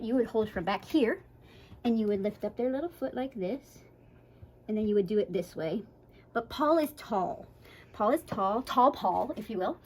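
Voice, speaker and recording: A woman's voice: on the high side, darkish tone, poor audio. A woman dog groomer giving a casual how-to demonstration, chatty and reassuring, often checking in with "right?" and playfully acting out a nervous dog. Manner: playfully acts out a scared dog in quick voices.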